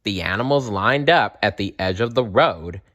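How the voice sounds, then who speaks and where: A man reading a children's story aloud in an expressive way, sometimes correcting himself. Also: lowish voice. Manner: slow, expressive reading with small self-corrections.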